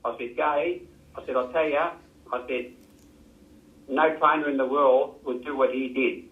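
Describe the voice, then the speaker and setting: A man's voice: mid-range voice, fairly even intonation, moderate pace, long pauses. Older Australian man telling racing yarns. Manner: rambling, repeats himself, acts out quotes. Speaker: retired jockey and trackwork rider telling stories. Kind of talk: casual storytelling. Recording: echoey, tinny phone-like sound.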